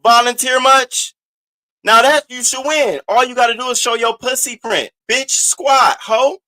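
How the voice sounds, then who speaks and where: A high, bright-voiced man hosts a live stream. He rants at a rival in a taunting, profane roast. His voice is sharp and cutting. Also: fairly even intonation, a little slow. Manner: profane, taunting, trash-talking. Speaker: host. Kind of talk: roast-style live rant.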